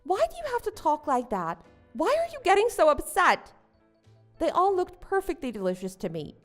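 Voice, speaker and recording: A woman's voice: very high voice, wildly swooping pitch, normal speed, faint music behind, full character voice. A woman voicing a wronged young wife and new mother who protests and pleads with her husband. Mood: protesting. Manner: indignant, pleading. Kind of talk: story drama voice acting.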